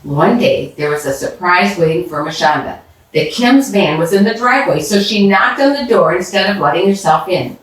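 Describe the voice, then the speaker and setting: A woman storyteller reads a children's bedtime story with an animated, engaging delivery. Her pitch rises and falls freely across each sentence. The voice echoes strongly around the room and sounds set back from the microphone. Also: moderate pace. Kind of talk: reading a bedtime story aloud. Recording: roomy echo from a distance.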